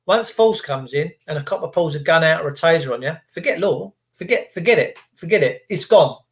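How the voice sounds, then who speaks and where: Male livestream host, high voice, indignant and sarcastic rant delivered straight to chat. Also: lively intonation, a little fast. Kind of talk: ranting livestream commentary.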